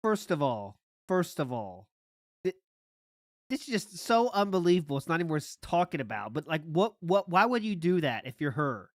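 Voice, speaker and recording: A man's voice: on the high side, sing-song, moderate pace, dry recording, clean studio sound. A man hosting a podcast, sarcastically mocking a played story with lots of laughter and disbelief. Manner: sarcastic, incredulous, laughing often. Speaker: podcast host reacting to a clip. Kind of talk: mocking commentary over a played clip.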